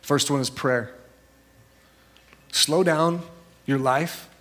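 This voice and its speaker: Speaking extremely slowly with a slightly bright voice, a man preaches a sermon as a pastor. He keeps it conversational and story-driven, jumping to high voices for quotations.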